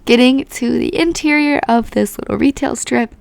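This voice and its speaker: A hoarse woman, recovering from being sick, hosting a video with a chatty, rambling voice-over recorded on a home mic. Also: on the high side, moderate pace, dry recording. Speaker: host. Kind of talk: casual voice-over narration.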